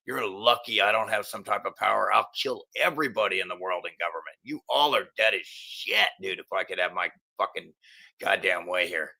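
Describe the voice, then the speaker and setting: Gravelly, sharp-edged angry middle-aged man. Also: low-pitched, a little fast. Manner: profane, agitated, stumbling restarts. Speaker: channel host. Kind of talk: angry ranting monologue.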